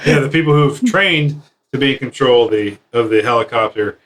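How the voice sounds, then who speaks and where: A man's voice: brisk, a bit bright. A man co-hosting a casual podcast, joking along, acting out funny bits and laughing a lot. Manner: playful, jumps into high-pitched mock quotes, laughs a lot. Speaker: podcast co-host. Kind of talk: casual banter.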